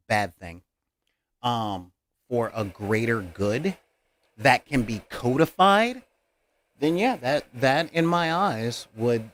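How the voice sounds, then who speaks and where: A man's voice: mid-range voice, a little hiss or hum. A man hosting a casual talk about tabletop roleplaying as a game master, speaking earnestly with many hesitations and fillers.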